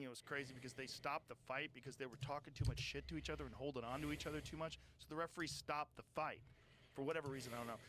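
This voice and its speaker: A man's voice: mid-range voice, a bit bright, a little hiss or hum. A man talking animatedly and profanely as a podcast host in casual chat.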